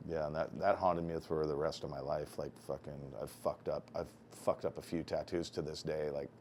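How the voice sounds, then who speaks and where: Deep-voiced man telling profane shop stories. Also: normal speed, a little hiss or hum. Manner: heavily profane, rambling anecdotes; animated when acting out dialogue. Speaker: tattoo artist interviewee. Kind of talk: casual storytelling interview.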